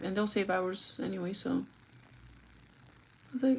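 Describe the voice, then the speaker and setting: Gravelly woman venting on a livestream. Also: medium pitch, measured pace, long pauses, a little mellow, a little hiss or hum. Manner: venting, swears freely, mixes English and Spanish. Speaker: vlogger. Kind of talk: casual get-ready-with-me livestream chat.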